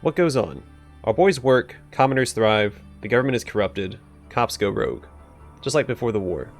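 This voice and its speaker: A man voicing an old male thief turned loan shark in a video game, talking in breezy slang that turns to threats. He pitches it a bit higher than his own voice and makes it lively, with a gravelly edge. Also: moderate pace, faint music behind. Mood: swaggering.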